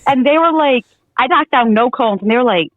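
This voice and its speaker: A woman's voice: high-pitched, animated, fairly quick, no echo, narrow, tinny audio. A woman guest in a casual podcast chat, sarcastic and swearing freely.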